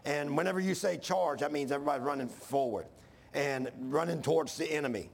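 Gravelly-voiced fervent male preacher. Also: a little high, fairly quick. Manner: folksy preaching, rising to fervent intensity. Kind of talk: sermon.

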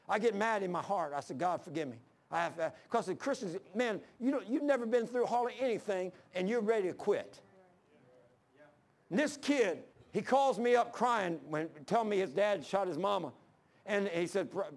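A man's voice: high voice, expressive, moderate pace. A man, preaching a sermon as pastor in an impassioned, folksy storytelling way.

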